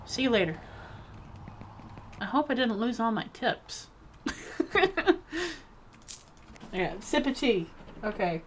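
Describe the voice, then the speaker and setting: Her voice is a little high and swings widely in pitch; she goes slowly, pausing often, over a faint hiss or hum. As a gaming video creator, she chats loosely to herself and the characters on screen during play, breaking into playful outbursts that sound jokingly bossy.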